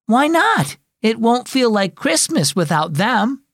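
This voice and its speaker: A man's voice: high-pitched, expressive, a little slow, fairly bright tone, no room sound, studio quality, voice pushed up. A man voicing a sulky, jealous schoolgirl in a children's story, with a pouting, sarcastic manner. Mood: upset.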